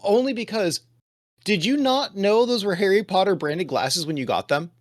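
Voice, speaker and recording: A man's voice: sits high, expressive, moderate pace. A man co-hosting a podcast, questioning and teasing in casual chat. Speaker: podcast co-host.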